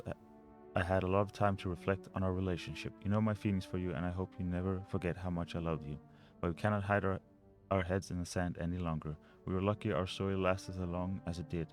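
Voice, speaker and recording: A man's voice: low voice, darkish tone. A man playing a mystery video game, reading notes and letters aloud and muttering over the puzzles. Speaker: let's play gamer.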